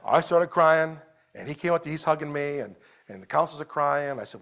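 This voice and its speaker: High-voiced preaching pastor, man. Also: brisk, gravelly. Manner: animated preaching, swinging from loud exclamations to quiet storytelling. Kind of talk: sermon. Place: church service.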